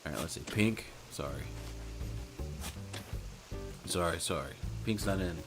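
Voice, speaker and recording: A man's voice: low-pitched, unhurried, vocal fry, music in the background. A man chatting casually while playing a game, rambling with self-mocking jokes and asides. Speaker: gaming streamer.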